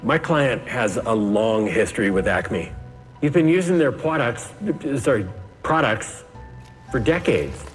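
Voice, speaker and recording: An actor playing a down-on-his-luck attorney pleading in court in a comedy film, halting and deadpan, with music playing under the scene. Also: mid-range voice, in a large hall. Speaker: lawyer in court.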